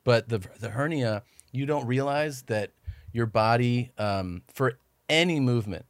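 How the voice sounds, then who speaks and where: In a studio-quality, dry recording, this podcast guest speaks at a measured pace and medium pitch. His casual storytelling wanders at length, peppered with swearing and performed quotes from the people involved.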